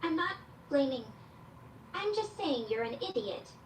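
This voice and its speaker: A woman's voice: fairly high pitch, fairly even intonation, brisk, slight background noise, natural voice. A woman voicing a female AI chatbot companion who reads out her own stage directions before each reply. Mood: exasperated. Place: played through a speaker in a room, picked up by a security camera. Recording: echoey speaker audio caught from far off.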